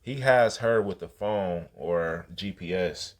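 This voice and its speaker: A man's voice: deep voice, slow. A man, hosting a podcast and telling a story in casual, slangy, profane talk. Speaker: podcast host.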